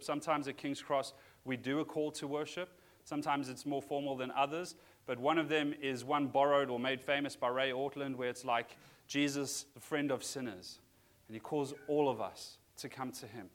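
A man's voice: medium pitch, fairly even intonation, moderate pace. A man preaching a sermon as a pastor, talking in an earnest, conversational way with frequent restarts.

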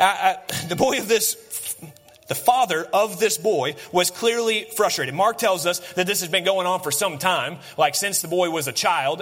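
A man's voice: high-pitched, fairly bright tone. A man preaching a sermon earnestly, repeating phrases for emphasis. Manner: earnest, repetitive emphasis with restarts. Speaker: pastor. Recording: long hall reverb.

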